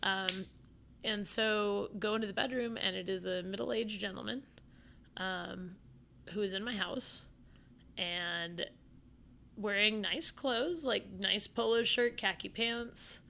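Bright, gravelly woman telling stories. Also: mid-range voice, slow, slight background noise. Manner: animated, profane, with frequent fillers. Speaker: podcast guest. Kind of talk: casual storytelling chat.

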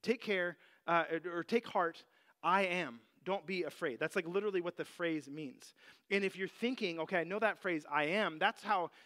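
A man teaching a Bible passage in a relaxed, conversational sermon, full of "like" and "you know". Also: high-pitched, normal speed.

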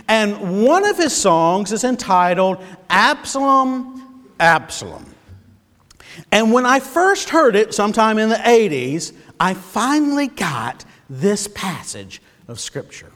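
High-voiced preacher in a reverberant hall. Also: male voice. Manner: conversational preaching, animated when voicing others. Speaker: pastor. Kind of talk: sermon.

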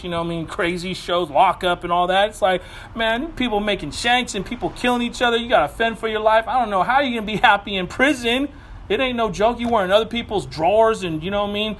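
A man preaching a sermon in a lively, conversational way, full of humor and asides. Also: high-pitched, a little hiss or hum. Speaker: pastor.

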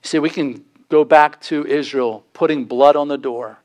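Earnest pastor preaching. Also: male voice, fairly even intonation, moderate pace, darkish tone. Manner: earnest, pleading, rises in pitch for emphasis. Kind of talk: sermon.

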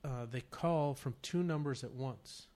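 A man's voice: medium pitch, measured pace, dark tone. Rambling man in casual chat. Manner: rambling storyteller, acts out phone callers.

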